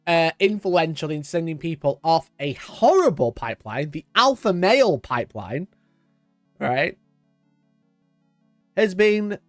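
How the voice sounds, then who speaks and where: A man's voice: on the high side, very animated, a little slow, long pauses, dry recording, faint music behind. A man in his twenties hosting a live stream, chatting in a rambling, sweary way and laughing often. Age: 20s. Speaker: livestream host. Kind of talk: casual live-stream chat.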